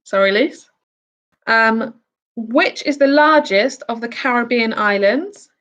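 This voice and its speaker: A woman's voice: on the high side, slow, a bit bright, highs cut off. A woman from the UK hosting a casual quiz, reading out each question and answer with chatty asides. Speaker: quiz host.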